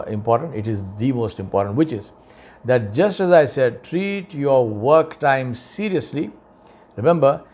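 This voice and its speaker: A middle-aged man giving an earnest, emphatic advice talk, repeating key points for stress. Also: darkish tone. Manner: mocking quoted voices in a higher tone. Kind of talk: lecture-style advice talk.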